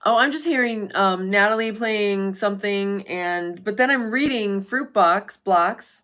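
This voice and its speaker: A woman's voice: medium pitch, a little slow, a bit bright. Brief: woman livestream host, casual chat, blunt and profane, talks straight at viewers by name. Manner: blunt and profane, chatty, reads out viewer names.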